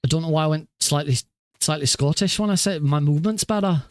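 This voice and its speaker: A man's voice: a little high, fast talker, dry recording. A man casually commenting on his own speedrun practice, rambling and self-deprecating with lots of fillers and restarts. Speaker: speedrunner streamer.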